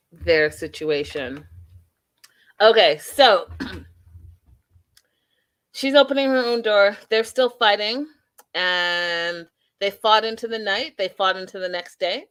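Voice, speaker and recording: A woman hosting a live recap show, telling the story with lively, opinionated asides and quoting people as she goes, talking straight to her viewers. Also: mid-range voice, slow pace, pauses often, clean tone. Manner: addresses viewers directly as y'all and you guys. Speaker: host. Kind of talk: recap and review live stream.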